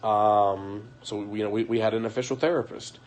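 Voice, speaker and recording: A man's voice: on the low side, fairly even intonation, a little fast. Man telling a story on a stream. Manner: rambling, frequent fillers, acts out quoted voices. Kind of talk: casual personal storytelling on a livestream.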